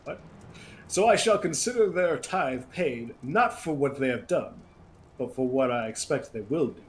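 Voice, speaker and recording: A man's voice: medium pitch, lively intonation, normal speed, a little hiss or hum, natural voice. A man putting on a sly accented pirate chief. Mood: scheming. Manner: put-on thick accent, drawling and sly. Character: scheming male pirate chief, haggling.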